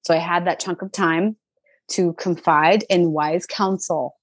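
A woman in her twenties telling a personal story in a casual, animated, chatty way, full of fillers. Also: fairly low pitch, a little slow, dry recording.

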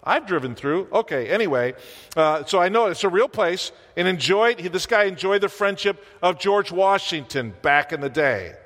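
A man's voice: sits high, expressive, moderate pace, a bit bright, big-room sound. A man preaching a sermon as pastor in a church, conversational, with wry asides and rhetorical questions.

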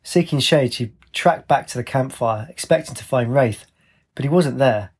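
A man reads a fantasy audiobook in a measured, descriptive manner. His voice has a husky, breathy grain and sits at an ordinary male pitch. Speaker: narrator. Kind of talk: audiobook narration.

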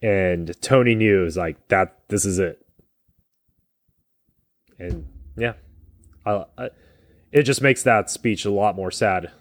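A man co-hosting a casual podcast about a movie, talking in a rambling, halting way with restarts, sometimes getting emotional. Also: fairly low pitch, no echo. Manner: gets emotional in places. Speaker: podcast co-host.

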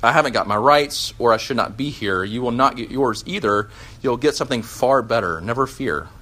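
A man voicing a gentle patient heavenly man. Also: brisk. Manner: soft, patient, lower and quieter.

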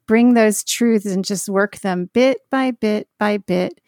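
A woman speaking as a podcast guest in a Christian conversation, earnest and heartfelt, with soft laughs. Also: mid-range voice, slow pace, dry recording, studio quality.

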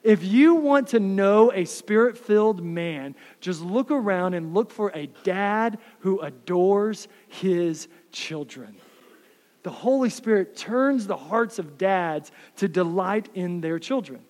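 A man in his thirties, a pastor preaching a sermon, swinging from fired-up passion to quiet, close asides. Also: sits high, expressive, takes it slowly, big-room sound. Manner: impassioned, builds up then drops to soft asides.

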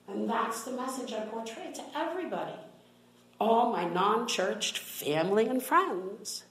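A woman's voice: a little high, animated, unhurried, long pauses, a bit bright, a little hiss or hum. Woman preaching in an echoey room. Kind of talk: sermon with scripture reading.

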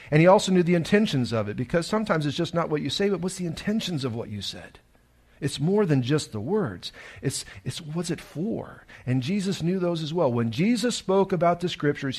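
A man's voice: mid-range voice, a little mellow. A male pastor, preaching a sermon earnestly and emphatically, with restarts and rhetorical questions.

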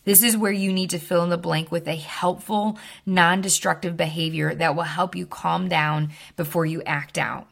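A young woman with a low voice and a strong gravelly fry speaks as a podcast host. She teaches in a steady, instructive way and slows down to repeat the points she wants to stick. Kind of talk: advice podcast talk.

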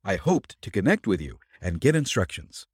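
Young eager sidekick, brisk plain report, man reading the part, low lively voice. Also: husky, no room sound, studio quality, exaggerated voice. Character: eager young male detective's assistant.

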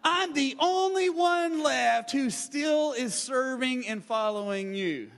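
A preacher voicing a despairing prophet. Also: male voice, extremely high pitch, lively intonation, takes it slowly, gravelly, a bit bright, long reverb tail, pitched above the performer's own voice, exaggerated voice. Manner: exasperated, pleading. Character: weary despairing male prophet at wit's end.

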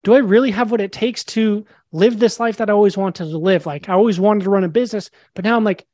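A man's voice: sits high, quick pace, no room sound. Young guy telling his story, acts out the lines, dry mic. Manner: animated, acts out quoted dialogue. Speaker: podcast guest. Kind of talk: storytelling in a casual interview.

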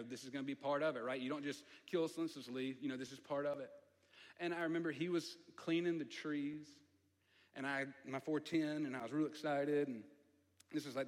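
A man with a Southern accent, preaching a storytelling sermon in a conversational way, with asides to the audience. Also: on the high side. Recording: long hall reverb.

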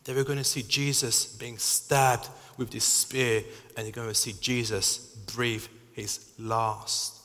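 A male preacher delivers an earnest, halting sermon in a medium-pitched voice, often restarting his phrases. His delivery is flat, yet his voice sounds bright and forceful, trailed by a long hall reverb.

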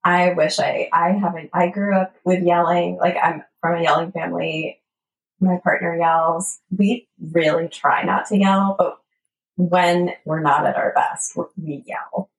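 A woman in her forties hosting a podcast, talking earnestly and reflectively, sometimes dropping to a soft whisper. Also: on the low side, steady tone, unhurried, vocal fry. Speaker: podcast host. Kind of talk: casual conversation. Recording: roomy, distant mic.

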